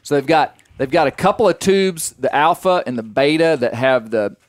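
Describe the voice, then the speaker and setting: A man's voice: a little high, expressive, normal speed, no echo. Southern man, podcast host, rambling folksy storyteller, dry close mic. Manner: folksy, rambling with fillers and restarts. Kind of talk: casual storytelling chat.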